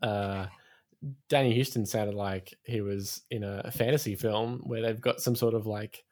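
A man's voice: on the low side, steady tone, measured pace, darkish tone. A man chatting casually about a film, joking and laughing often. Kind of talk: casual film review chat.

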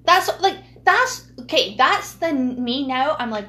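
A woman's voice: high voice, expressive, takes it slowly, bright, forceful tone. A woman telling a funny childhood story in casual chat, laughing and using lots of fillers.

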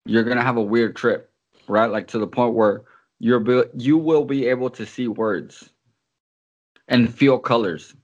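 A man's voice: mid-range voice, measured pace, lo-fi sound. A man chatting loosely on a podcast, cursing often and calling the others "bro" as he gives advice. His speech is unpolished and conversational. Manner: swears a lot, says "bro". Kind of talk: casual podcast chat.

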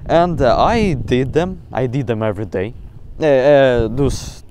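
A man's voice: mid-range voice, expressive, a little slow, darkish tone. A young man podcasting on his phone outdoors, ranting and swearing in a casual monologue full of fillers. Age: young adult. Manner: ranting, profane, many fillers. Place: outdoors near water. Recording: outdoor phone recording with clear background noise.

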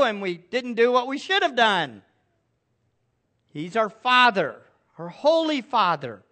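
A man's voice: very high voice, sharp tone. A middle-aged male pastor preaching a sermon, asking the congregation rhetorical questions.

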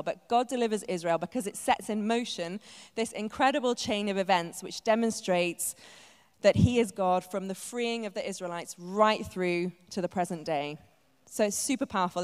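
A woman's voice: mid-range voice, clean tone. A woman giving a conversational sermon with light self-deprecating humor, checking in with her listeners. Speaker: preacher. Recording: echoey hall.

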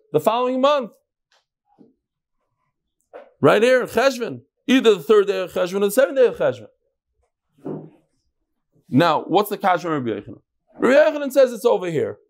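A man teaching a daily Talmud class, asking questions aloud and mixing untranslated Aramaic and Hebrew terms into his English. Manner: animated, leaps between loud questions and low asides.

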